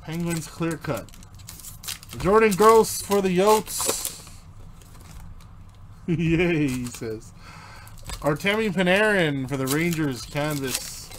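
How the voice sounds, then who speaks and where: In this live card-opening commentary, a man with a high-leaning, expressive voice speaks slowly and pauses often. He announces player names as packs are opened and talks casually with viewers, over slight background noise.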